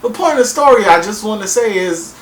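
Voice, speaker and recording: A young man giving a casual, jokey review of a TV episode, rambling with lots of fillers and sudden jumps in pitch. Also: lively intonation, fairly quick. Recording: echoey room with faint background hiss.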